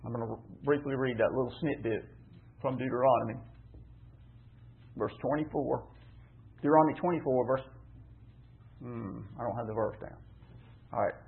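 A man's voice: mid-range voice, normal speed, gravelly, long pauses. A man teaching a Bible passage in a conversational sermon, emphatic and repetitive, asking rhetorical questions. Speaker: preacher teaching scripture. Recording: tinny phone-like line.

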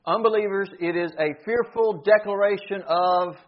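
A man's voice: sits high, moderate pace. A man, teaching a Bible class in a sermon style. He repeats key phrases and puts questions to his listeners. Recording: dull lo-fi recording.

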